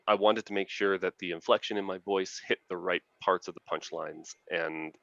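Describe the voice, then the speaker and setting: Guy, deep voice, earnest and eager, chatting about his writing over a dull dry call line. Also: steady tone, fairly bright tone, dry recording. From Canada. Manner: earnest, enthusiastic, quick to laugh. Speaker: author guest. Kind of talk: casual interview chat.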